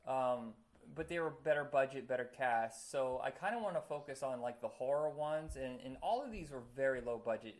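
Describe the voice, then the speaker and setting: A man chatting casually as a podcast co-host, rambling with many fillers and quick to laugh. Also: mid-range voice, animated. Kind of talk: casual chat.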